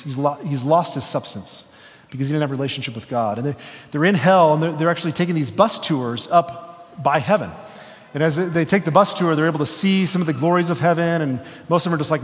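Earnest man preaching in a hall. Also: on the high side. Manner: earnest, conversational, with fillers. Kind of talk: sermon with a story read aloud.

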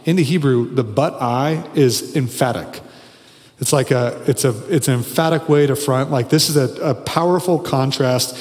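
A man's voice: mid-range voice, normal speed, darkish tone. A man in his forties preaching a sermon, earnest and building to emphatic, repeated phrases. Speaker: pastor. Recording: long reverb of a large hall.

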